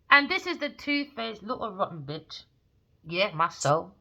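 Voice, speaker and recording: A woman giving a rambling tarot reading, telling a story in an excitable, profane way. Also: medium pitch, fairly quick, breathy edge, poor audio. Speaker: tarot reader.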